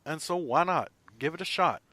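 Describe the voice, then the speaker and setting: A man co-hosting a podcast, chatting casually and telling animated stories with frequent laughter. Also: a little high, normal speed. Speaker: podcast co-host and producer.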